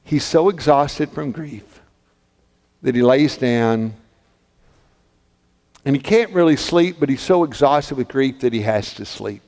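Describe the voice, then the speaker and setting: A man's voice: medium pitch, lively intonation, unhurried, long pauses, a little mellow, long reverb tail. A man preaching a sermon, retelling a story dramatically and voicing the characters' words. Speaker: pastor.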